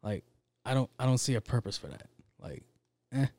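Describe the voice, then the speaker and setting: A man's voice: mid-range voice, big pitch swings, moderate pace, warm tone, no room sound. A man talking in a loose, rambling monologue, swearing often and leaning on fillers. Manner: profane, rambling, with frequent fillers.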